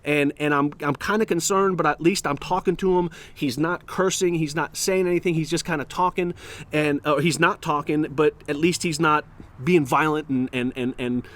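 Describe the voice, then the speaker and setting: Animated man telling a story. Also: a little high, moderate pace. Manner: animated, acts out quotes, many fillers and restarts. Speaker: podcast host. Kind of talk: storytelling monologue.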